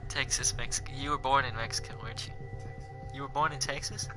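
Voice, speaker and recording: A young man hosting a casual podcast chat, rambling and profane, with frequent animated bursts. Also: mid-range voice, fast, music in the background. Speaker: podcast host.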